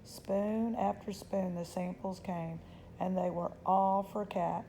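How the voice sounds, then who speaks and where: A woman reading a children's novel aloud in a gentle, unhurried storytelling voice. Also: mid-range voice, steady tone, slight background noise, poor audio. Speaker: storybook reader.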